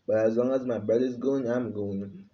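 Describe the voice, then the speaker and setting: A man voicing a blunt, defiant young male ninja, muttering low and dismissively, on a dull lo-fi recording. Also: steady tone, moderate pace, close to an everyday voice.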